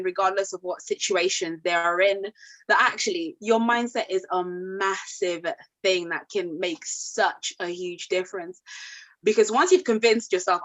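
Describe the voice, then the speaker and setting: A British woman hosting a casual discussion, telling her story in an earnest, animated way. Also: on the low side, poor audio. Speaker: host.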